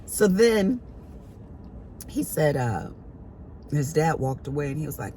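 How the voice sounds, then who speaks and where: A woman's voice: low voice, very animated, takes it slowly, pauses often, mellow, a little hiss or hum. A middle-aged woman vlogging, telling a family story to her viewers in a chatty, emphatic, colloquial way.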